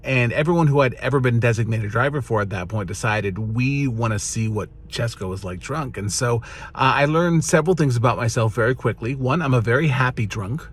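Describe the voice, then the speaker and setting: A man in his thirties telling a funny personal story, animated and building up to excited punchlines. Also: mid-range voice, brisk, slight background noise. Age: 30s.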